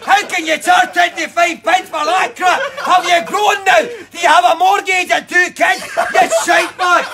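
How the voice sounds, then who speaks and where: Rowdy Scottish hothead: very high, gravelly, shouty, loud shop noise behind. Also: male voice, steady tone, measured pace, full character voice. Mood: raging. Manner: shouting, swearing, laughing through lines. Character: rowdy hot-tempered Scottish man, shouting. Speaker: comedy vlogger. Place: shop aisles.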